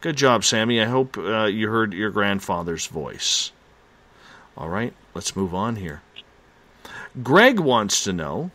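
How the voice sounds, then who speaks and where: A male radio host reading out listener reports in a steady, unhurried way. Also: lowish voice. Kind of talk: live talk radio.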